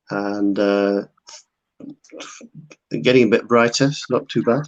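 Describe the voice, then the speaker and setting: A man's voice: medium pitch, slow pace, pauses often. Man phoning in from home, brief answers, muffled call sound. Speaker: guest. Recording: muffled, distorted internet call line.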